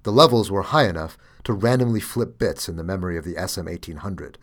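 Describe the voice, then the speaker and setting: A man's voice: deep voice, fast talker. A man hosting a podcast, reading a debugging story aloud and then musing with fillers and restarts. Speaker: podcast host.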